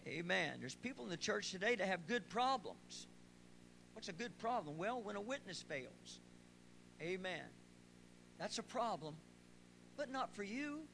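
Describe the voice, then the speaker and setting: A pastor preaches to his church in a high voice, starting quiet and conversational before rising to loud, shouted praise. The recording is noisy, with a steady hum behind him. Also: measured pace, pauses often. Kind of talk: sermon. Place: church sanctuary.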